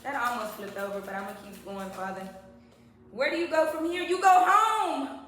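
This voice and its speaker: A woman's voice: mid-range voice, animated, fairly quick, a bit bright. A woman in her thirties giving a chatty, emphatic tarot reading to her viewers. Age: 30s. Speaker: tarot reader. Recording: very echoey room.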